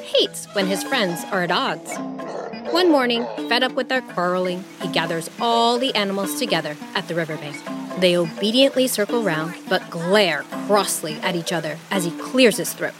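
Woman storyteller, children's story, lively melodic reading, music playing behind. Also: medium pitch, normal speed. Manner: expressive, animated reading. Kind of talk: scripted children's story narration.

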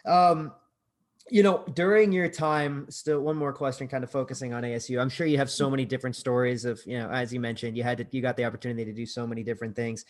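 A man's voice: mid-range voice, fairly even intonation, fast. Male podcast host asking questions. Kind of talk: casual interview chat.

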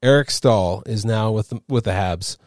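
A man's voice: lowish voice, normal speed, a little mellow, dry recording, clean studio sound. A man from Canada hosting a podcast, telling stories in casual chat and laughing easily. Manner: chatty storyteller, laughs easily. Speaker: podcast host.

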